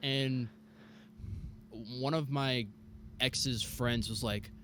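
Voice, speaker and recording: A man's voice: medium pitch, drawn-out words. Young guy from mississippi telling a creepy story, says like and bro a lot, faint hum. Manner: animated, many fillers like "like" and "bro". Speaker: guest storyteller. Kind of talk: casual podcast storytelling.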